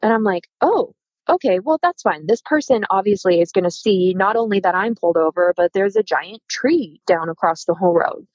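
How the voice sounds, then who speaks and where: A woman in her thirties, a podcast guest, tells a dramatic personal story in casual conversation, animatedly acting out the voices of the people involved. Her mid-range voice is brisk with few pauses, and the recording is dry and dull.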